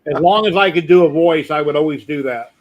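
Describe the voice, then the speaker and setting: Podcast co-host guy, joking around, kinda high voice. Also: brisk, muffled recording. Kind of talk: casual chat.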